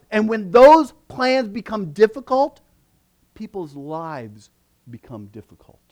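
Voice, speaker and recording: A man preaching a sermon, reading scripture aloud and building to loud, emphatic peaks on key words. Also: fairly high pitch. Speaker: pastor.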